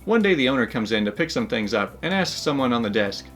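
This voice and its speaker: A man's voice: mid-range voice, big pitch swings, fast, fairly bright tone, faint music behind. A man hosting a story channel, narrating online stories in an upbeat, chatty way. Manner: upbeat, chatty, laughs between asides.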